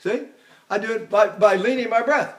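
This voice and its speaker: Older male voice teacher, chatty and high. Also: moderate pace. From Texas. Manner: chatty, demonstrating with sung vowels and anecdotes. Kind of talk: recorded vocal technique lecture.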